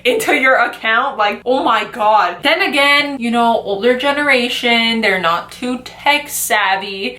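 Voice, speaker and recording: Animated young woman chatting in echoey room. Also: on the high side. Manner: animated, slangy storytelling. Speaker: beauty vlogger. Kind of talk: casual chat while doing makeup. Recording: roomy echo.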